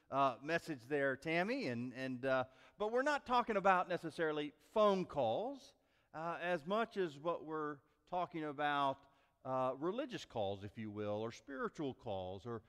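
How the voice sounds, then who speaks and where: A man preaching a sermon as pastor, telling a story in a folksy, animated way with many restarts. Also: on the high side, clean tone. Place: church sanctuary. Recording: long reverb of a church sanctuary.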